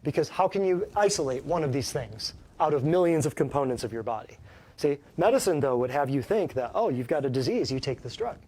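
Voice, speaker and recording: A man's voice: fairly high pitch, lively intonation, fairly quick, a little mellow, slight background noise. A man who works as a chiropractor, giving a folksy, emphatic health talk to a small live audience and keeps asking them questions.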